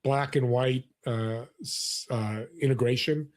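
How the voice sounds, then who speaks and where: Man, 60s, interview guest, earnest storyteller, mid pitch, casual. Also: takes it slowly. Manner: earnest, animated storyteller with frequent restarts. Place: California.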